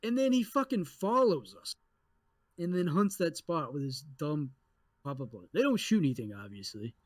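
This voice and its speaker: A young adult man co-hosting a podcast, telling a story in a casual, animated way with lots of swearing. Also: on the high side, moderate pace, dry recording. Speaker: podcast co-host.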